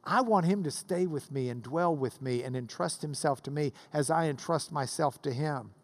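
A man's voice: medium pitch, moderate pace, a little mellow. A man, preaching a sermon to a class, telling stories and building to passionate swells. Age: 50s. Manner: storytelling with swells of rising intensity. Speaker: pastor.

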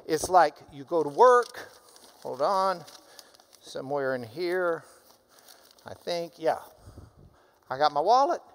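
Lively, slow-spoken Bible teacher. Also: mid-range voice, a little hiss or hum. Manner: lively, conversational, explaining with asides. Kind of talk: classroom Bible lesson.

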